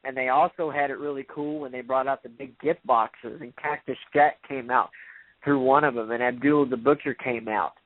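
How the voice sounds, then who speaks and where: A man's voice: mid-range voice, steady tone, normal speed, no room sound. A man co-hosting a casual radio talk show, telling stories in a rambling way and correcting himself as he goes. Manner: rambling, self-correcting storyteller. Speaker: podcast co-host. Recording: tinny phone-like radio audio.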